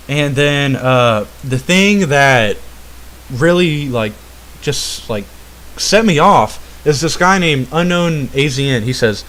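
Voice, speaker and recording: A young man vents about an online gamer in a loose, foul-mouthed rant. He stumbles through fillers and restarts and keeps tossing in "all right?" as he goes. His pitch sits at an ordinary middle height for a man. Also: animated, moderate pace, fairly bright tone. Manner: swears constantly, keeps asking "all right?"; rambling, full of "uh" and restarts. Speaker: channel host. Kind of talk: profane gaming rant.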